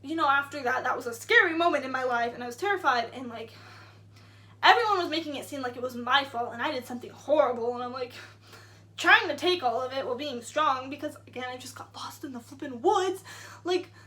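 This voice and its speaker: Young woman doing a storytime vlog, high bright voice, lots of "like", kinda indignant. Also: fairly quick. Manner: chatty, frequent "like" fillers; indignant retelling. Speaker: vlogger. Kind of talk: casual storytime.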